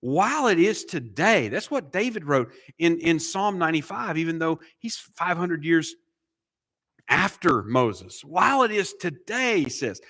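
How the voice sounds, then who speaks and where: A man's voice: fairly high pitch, sing-song, a little slow, fairly bright tone. A middle-aged man preaching an expository sermon as pastor, asking rhetorical questions and repeating key phrases for emphasis. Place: church sanctuary.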